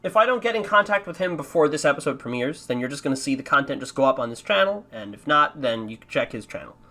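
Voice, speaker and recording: Lively, bright-voiced profane man. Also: a little high, fast. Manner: profane, self-mocking, rambling. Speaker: podcast host. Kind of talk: casual commentary on his old videos.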